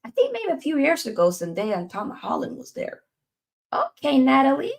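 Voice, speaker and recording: A woman's voice: high voice, moderate pace, gravelly. Chatty woman hosting a football stream. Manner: animated, chatty, with playful put-on voices. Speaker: football channel host reading live chat. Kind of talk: casual live-stream chat.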